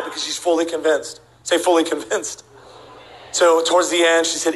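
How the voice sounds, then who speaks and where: Guy preaching a funny sermon in church, brightish higher voice, does little voices for the people in his stories. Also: fairly quick, rough recording. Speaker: guest preacher. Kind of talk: humorous sermon storytelling. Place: church sanctuary before a congregation.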